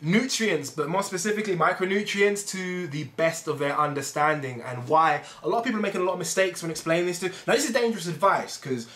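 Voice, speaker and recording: A man's voice: high voice, animated, quick pace, hardly any pauses, fairly bright tone. A man talking casually to camera as a fitness vlogger, rambling and fond of analogies. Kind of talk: casual explainer monologue. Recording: echoey room.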